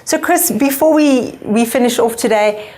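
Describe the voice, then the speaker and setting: A woman's voice: on the high side, moderate pace, a little mellow. A woman hosting an interview, enthusiastic, summing up her guest's points. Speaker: interview host. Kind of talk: conversational interview.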